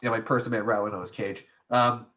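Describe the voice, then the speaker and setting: A man's voice: lowish voice, level tone, brisk, sharp tone. Rambling young man on a podcast. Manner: rambling, self-interrupting, laughs often. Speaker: podcast co-host. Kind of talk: casual chat.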